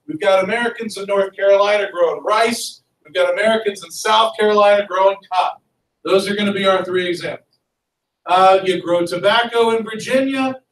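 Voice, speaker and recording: Male history teacher, higher-pitched, lively classroom lecture, distant mic in a roomy room. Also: slight background noise. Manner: lively, constantly checks in with "okay?" and "right?".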